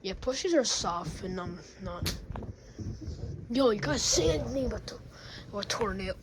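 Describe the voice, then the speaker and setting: A woman's voice: mid-range voice, expressive, normal speed, background noise. A woman playing out scenes with plush toys, playfully switching between character voices and asides to viewers. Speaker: plush toy video maker.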